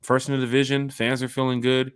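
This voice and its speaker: A man hosting a fan podcast in casual chat, telling stories with lively acted-out quotes on a home mic and camera. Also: medium pitch, brisk, smooth, no echo, studio quality. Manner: animated storyteller acting out quotes. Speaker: podcast host.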